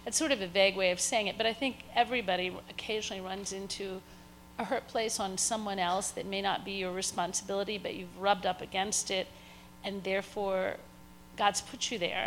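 A woman's voice: mid-range voice, steady tone, moderate pace, creaky, a bit bright, slight background noise, poor audio. A woman in the audience asking a long question at a talk, hesitant and searching for her words.

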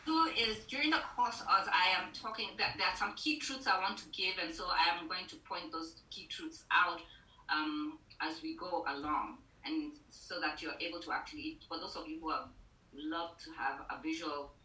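A woman's voice: low-pitched, normal speed, pushed and bright. A woman Bible teacher giving an online sermon on a video call, earnest and putting direct questions to her listeners. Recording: roomy, distant mic.

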